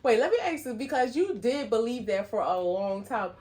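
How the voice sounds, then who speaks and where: A middle-aged woman, co-hosting a casual couple podcast in a relaxed, affectionate, teasing way. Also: a little high, normal speed. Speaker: podcast co-host.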